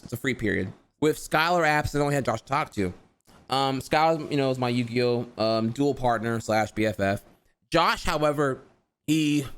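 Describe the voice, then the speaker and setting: A man in his thirties telling a personal story in a casual vlog, rambling and slangy, with lots of restarts and swearing. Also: medium pitch. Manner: chatty and profane, heavy slang and repeated "dude"; rambling, with frequent restarts and filler asides.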